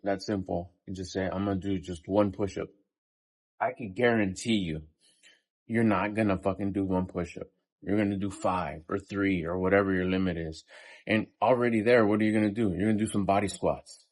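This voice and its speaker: A man's voice: low voice, steady tone, normal speed, darkish tone. A man in his fifties giving a casual, profane motivational talk between workout sets in a day-in-my-life vlog. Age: 50s. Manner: blunt, profane and pep-talking. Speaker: vlogger.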